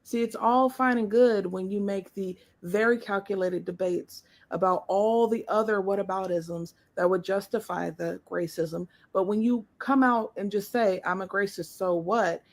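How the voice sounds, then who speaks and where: A woman guest on a streamed commentary show, making a fast, pointed argument. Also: medium pitch.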